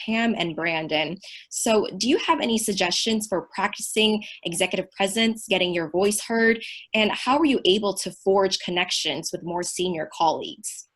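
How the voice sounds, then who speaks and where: A woman moderating a webinar panel, putting questions to panelists in a brisk, friendly way over a video call. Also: lowish voice, a bit bright.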